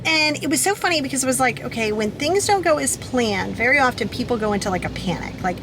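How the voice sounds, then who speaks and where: A woman talks casually to her camera in an upbeat, chatty way, throwing in "like" often. Her voice sits a little high, with a light hiss of noise behind her. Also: brisk, a bit bright. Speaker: vlogger. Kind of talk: casual vlog talk to camera.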